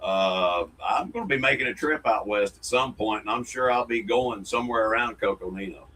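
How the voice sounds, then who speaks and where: A man's voice: on the low side, normal speed, sharp tone, slight background noise, rough recording. A man, co-hosting a casual podcast and reading fan mail in a folksy, jokey way. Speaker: co-host.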